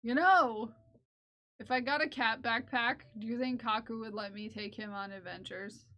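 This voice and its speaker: A woman with a high, light voice hosts a casual live stream from home. She chats loosely with her viewers and playfully scolds them. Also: fairly even intonation, normal speed, bright, forceful tone. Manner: chatty, playfully scolding chat. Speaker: livestream host.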